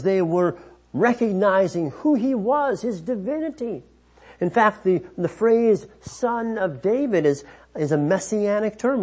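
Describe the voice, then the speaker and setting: A man preaching a sermon, slow and measured, often restarting his phrases. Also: high-pitched, dark tone.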